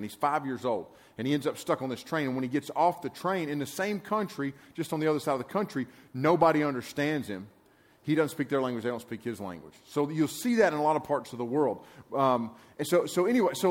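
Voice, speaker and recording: A middle-aged man, giving a rambling, folksy talk to a youth camp and often checking that his listeners follow him. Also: fairly high pitch. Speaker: camp speaker. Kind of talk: conversational sermon to a youth group.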